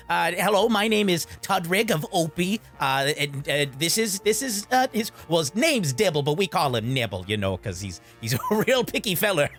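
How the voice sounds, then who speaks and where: A man's voice: high-pitched, fairly bright tone, full character voice. A man doing a folksy, chatty chef dad. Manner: chatty, rambling and apologetic, with a homespun drawl. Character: folksy middle-aged male chef and doting father.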